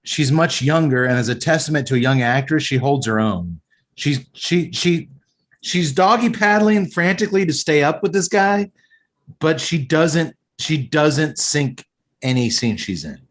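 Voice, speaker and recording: A man's voice: on the high side, animated, a little slow. A man hosting a podcast, enthusiastically recapping a film scene by scene and giving his opinions. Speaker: podcast host. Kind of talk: casual film recap and review chat.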